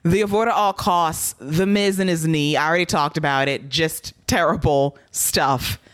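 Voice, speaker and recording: A woman hosting a casual wrestling podcast, lively and blunt, laughing often. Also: low-pitched, no room sound. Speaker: podcast host.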